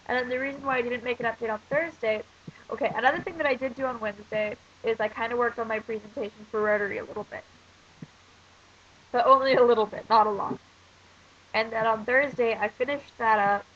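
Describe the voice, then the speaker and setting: A woman's voice: on the high side, slight background noise. A teenage girl vlogging as an exchange student while sick, with a stuffy nose and a cough, rambling with lots of fillers. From United States. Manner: rambling, ranting, many fillers. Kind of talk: casual vlog. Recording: dull lo-fi recording.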